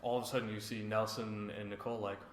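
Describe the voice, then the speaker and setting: This podcast co-host talks fast in a lowish voice, casually retelling reality show moments and voicing the cast's words. There's a roomy echo on the recording.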